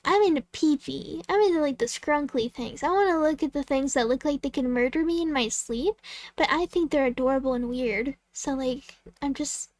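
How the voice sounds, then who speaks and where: A young-sounding, high-pitched woman chats as she draws, wandering from one thought to the next and scattering "like" and "um" throughout. She laughs easily and talks to her viewers as if they were friends. The sound is close and dry, with no room around her. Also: moderate pace, a little mellow, dry recording. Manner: rambling and giggly, full of "like" and "um" fillers. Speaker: artist and channel host. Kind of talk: casual chat while drawing.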